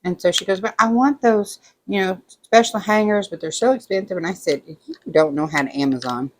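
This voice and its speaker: A woman's voice: on the low side, fairly quick. A woman vlogger chatting casually while doing a craft at home, rambling through stories and acting out what others said. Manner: rambling storytelling, animated quoting of others. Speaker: diamond painting vlogger.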